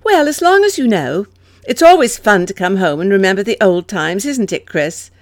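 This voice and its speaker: Playful teasing sister, bright, lively pitch, dry close sound, read by a woman. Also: normal speed, no echo, close to an everyday voice.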